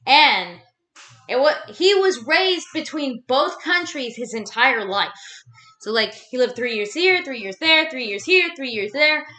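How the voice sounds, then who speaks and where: Young woman ranting on her vlog, high bright voice, swears a lot, bouncy pitch, echoey room. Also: measured pace. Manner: rambling, swears freely, animated ranting with fillers. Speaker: vlogger. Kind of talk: casual ranting chat. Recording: roomy echo.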